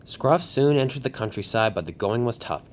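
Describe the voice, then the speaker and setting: A man tells a toy train story in a plain storybook manner, his pitch moving a lot. He sometimes trips and restarts a sentence. A faint low hum sits behind him. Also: expressive, normal speed. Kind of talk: storybook narration.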